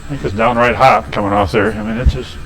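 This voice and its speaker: A man's voice: high-pitched, sing-song, quick pace, gravelly, background noise. Folksy man telling shop stories. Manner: rambling, folksy, chuckles through anecdotes. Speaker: woodturning demonstrator. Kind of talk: casual storytelling during a lathe demo. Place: woodshop, indoors.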